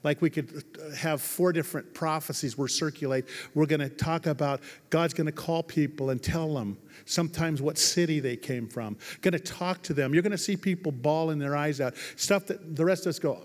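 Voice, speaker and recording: A man preaching a sermon as pastor, emphatic, swinging from hushed to loud. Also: fairly high pitch, moderate pace, few pauses. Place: large church hall. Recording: long hall reverb.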